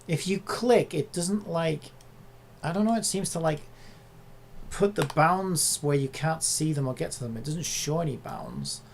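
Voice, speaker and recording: Working at a computer, a content creator talks casually, muttering and swearing at the software in exasperation. The voice is medium-pitched and unhurried, with a little hiss or hum in the audio.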